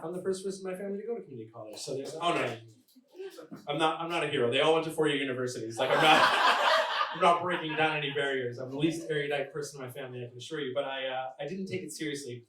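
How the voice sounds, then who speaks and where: A man performing a live stand-up comedy set, telling stories and acting out the voices of the people in them. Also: a little high. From born in Mexico, raised in the United States. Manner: animated storytelling, acting out characters' voices. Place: live comedy stage in front of an audience. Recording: echoey room, mic from a distance, audible ambience.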